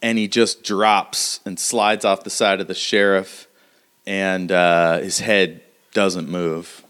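Smooth-voiced man running a tabletop game. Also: deep voice, little pitch movement, a bit bright. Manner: unhurried, hesitant narration with many fillers. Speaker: game master.

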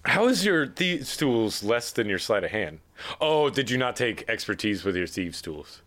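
A man acting as game master, narrating a tabletop game in a lively, chatty way. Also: on the low side, normal speed.

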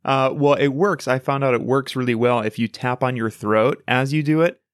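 A man's voice: mid-range voice, fairly even intonation, moderate pace, dry recording. A young man muses hesitantly in a casual chat. His voice sits mid-range and sounds dry and close. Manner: hesitant, musing.

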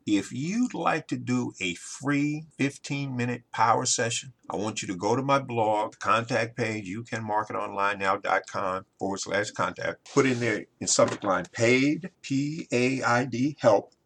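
Gravelly man pitching his services. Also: measured pace, hardly any pauses, fairly bright tone. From United States. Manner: repetitive salesy direct address. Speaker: podcast host and marketing consultant. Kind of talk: solo podcast pitch.

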